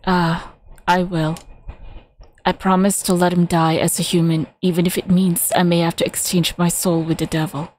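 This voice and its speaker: A woman voicing a grieving, remorseful male teacher who speaks slowly and apologetically. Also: lowish voice, little pitch movement, a little mellow, close to an everyday voice.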